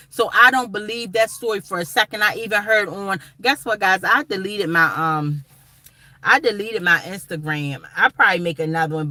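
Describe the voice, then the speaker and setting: In a dry recording, a woman with a sharp, mid-range voice vlogs straight to her viewers. Her casual commentary is emphatic and rambling, and she calls them "guys" and "y'all."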